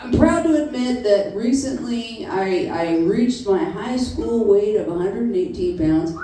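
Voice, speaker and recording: A woman's voice: mid-range voice, lively intonation, unhurried, far from the mic, crowd noise. A woman in her fifties doing a stand-up comedy set, telling blunt, profane stories on a comedy venue stage. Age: 50s. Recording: echoey room picked up from afar.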